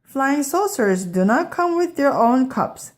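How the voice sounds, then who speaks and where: Fussy professor man read by a woman, lecturing, correcting, lively. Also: high-pitched, slow, pitched above the performer's own voice, exaggerated voice. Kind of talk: children's storybook read-aloud.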